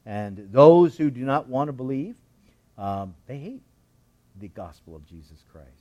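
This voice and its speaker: Lively, animated male preacher. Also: mid-range voice, measured pace. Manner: animated, voices the scripture characters with sarcasm; chuckles often while teaching. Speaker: pastor. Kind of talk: sermon, Bible teaching.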